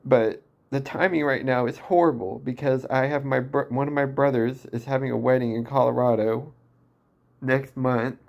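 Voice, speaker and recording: Brief: distressed young man, twenties, creaky low-key voice, halting confessional vlog delivery. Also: fairly even intonation, dull audio. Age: 20s. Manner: halting, full of restarts and fillers, downcast. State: emotionally distressed. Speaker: vlogger. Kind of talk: personal venting monologue.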